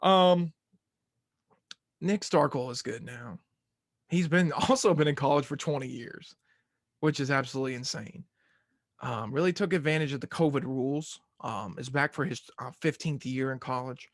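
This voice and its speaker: A man's voice: mid-range voice, normal speed, no echo, clean studio sound. A young man hosting a sports podcast, talking casually in rambling, self-mocking rants. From Arkansas fan, southern US.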